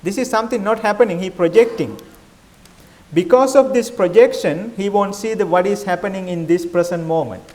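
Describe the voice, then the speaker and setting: Male monk, middle-aged, high voice, conversational dharma talk peppered with questions. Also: a little fast, darkish tone. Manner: questioning, conversational, non-native phrasing. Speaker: Buddhist monk teacher.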